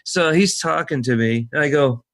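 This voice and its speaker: A man co-hosting a podcast, telling a rambling anecdote in casual chat and acting out the people he quotes. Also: normal speed. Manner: rambling anecdotes, acts out quoted voices higher. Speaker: podcast co-host.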